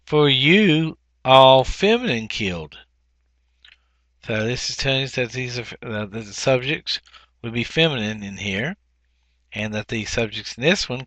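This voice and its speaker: Man, teacher, bright voice, dry recording, explanatory, slows to sound out words. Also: mid-range voice, no room sound. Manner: explanatory, with frequent ums and restarts. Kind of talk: recorded grammar lesson over slides.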